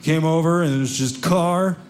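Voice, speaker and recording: A man performing a stand-up comedy routine, telling stories with animated delivery and acting out other people's voices. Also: on the high side, normal speed, faint music behind. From Seattle area.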